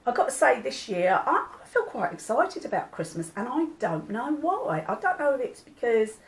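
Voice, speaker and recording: A woman's voice: on the high side, sing-song, moderate pace, low-quality recording. An older woman, chatting casually to her viewers, homely and rambling. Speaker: vlogger. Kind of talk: casual chat.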